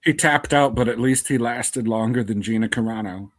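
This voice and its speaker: A man's voice: mid-range voice, normal speed, fairly bright tone. Blunt sarcastic man griping about a finale. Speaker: podcast co-host. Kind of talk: casual review chat.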